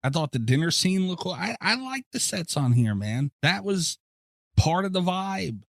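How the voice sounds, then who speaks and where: Excitable man chatting on a podcast. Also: high-pitched, moderate pace, creaky, no echo, studio quality. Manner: animated, swears freely. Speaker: podcast co-host. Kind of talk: casual chat.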